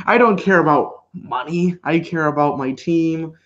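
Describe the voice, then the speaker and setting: His voice is a little high and his delivery a touch slow, captured in dull-sounding audio. This man co-hosts a live football reaction stream, laid-back and laughing, calling plays live in casual chat.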